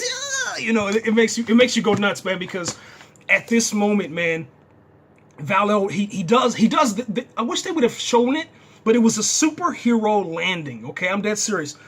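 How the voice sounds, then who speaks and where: A man giving a casual, excitable, unscripted TV review, dropping "man" into nearly every sentence. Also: high voice, slight background noise. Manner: excitable, says "man" constantly. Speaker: TV show reviewer.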